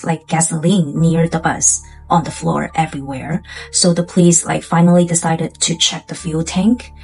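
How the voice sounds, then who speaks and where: A woman's voice: on the low side, darkish tone, low-quality recording. A woman telling a spooky tale to her viewers in a chatty, casual way, full of fillers. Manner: chatty, loose phrasing with many fillers. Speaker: storyteller.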